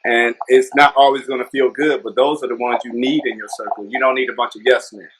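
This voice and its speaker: A man's voice: mid-range voice, level tone, a little fast. Male host, friendly, affirming, casual chat; faint background noise. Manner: friendly, affirming listener who quotes scripture. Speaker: interview host. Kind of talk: casual conversational interview.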